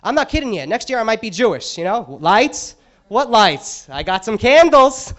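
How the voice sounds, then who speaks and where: A male stand-up comic performs in a club, ranting crudely and sarcastically about his frustrations. His voice sits high and swings widely in pitch. The live recording sounds dull and lo-fi. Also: big pitch swings, moderate pace, a bit bright. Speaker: stand-up comedian. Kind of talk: stand-up comedy set. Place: comedy club stage.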